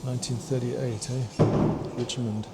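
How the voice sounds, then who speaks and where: A man excitedly touring a fossil museum, chatting to his viewers and tripping over long names. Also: mid-range voice, a little slow, very noisy. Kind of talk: walking museum tour vlog. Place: indoor museum hall.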